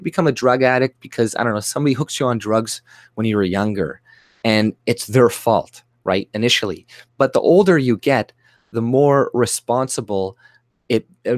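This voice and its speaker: A man's voice: mid-range voice, no room sound, studio quality. A man from Canada ranting angrily on his channel, rambling and swearing with many fillers and restarts. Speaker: vlogger. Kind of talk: profane ranting monologue.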